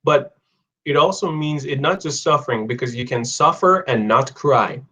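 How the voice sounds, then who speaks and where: Husky, bright and forceful, this medium-pitched male voice moves at a moderate pace over a rough recording. The young man is teaching English idioms live online, reading viewer comments aloud and joking chattily with his audience.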